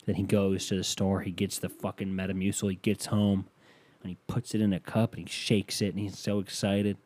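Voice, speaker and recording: A man's voice: low voice, little pitch movement, a little fast, a little mellow, dry recording. A male comedian doing crude comedic riffing in a rambling, profane way.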